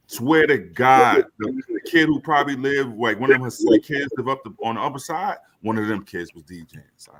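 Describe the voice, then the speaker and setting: A man from Brooklyn, hosting a casual group chat and telling an excitable story with plenty of swearing. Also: medium pitch.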